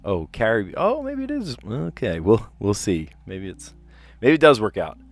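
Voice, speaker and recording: Low-voiced man musing through puzzles. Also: wildly swooping pitch, moderate pace, faint music behind. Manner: chatty, rambling, reads clues aloud and muses over answers. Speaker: streamer playing word puzzles. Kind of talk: casual live-stream commentary, thinking aloud.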